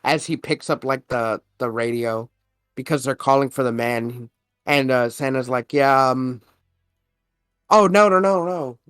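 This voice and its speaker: A man's voice: medium pitch, steady tone, measured pace, fairly bright tone, clear, resonant tone, dry recording, studio quality, soft background music. A man co-hosting a podcast, casually retelling a movie plot, laughing often and acting out the characters' lines. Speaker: podcast co-host.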